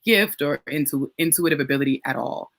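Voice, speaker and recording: A woman's voice: low-pitched, fairly quick, creaky, fairly bright tone, no room sound, clean studio sound. A woman hosting an interview show, upbeat and asking questions. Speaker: host.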